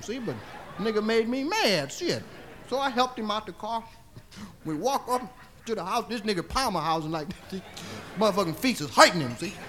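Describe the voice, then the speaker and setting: Man, rowdy profane comic storyteller, very high voice, laughs through his lines. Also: bright, forceful tone, a little hiss or hum. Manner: rowdy, laughing as he talks, acting out the scene. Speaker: comedian.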